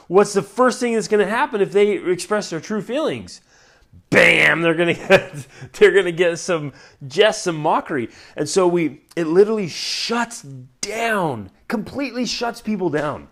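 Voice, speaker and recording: A man hosting a podcast, talking earnestly and directly to listeners, with lively swings from loud emphasis down to hushed, near-whispered words and many rhetorical questions. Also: fairly high pitch, moderate pace. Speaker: podcast host. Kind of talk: heartfelt casual talk to listeners.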